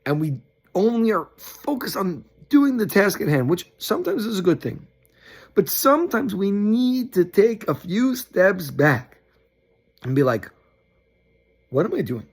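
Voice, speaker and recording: A man giving a short, upbeat weekly Torah talk, telling the story with lively acted-out quotes. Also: sits high, unhurried. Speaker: Torah teacher.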